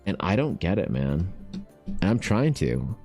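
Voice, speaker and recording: A man streaming while he paints, chatting casually and ranting with animated swearing. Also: sits low, unhurried, soft background music. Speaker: artist streamer.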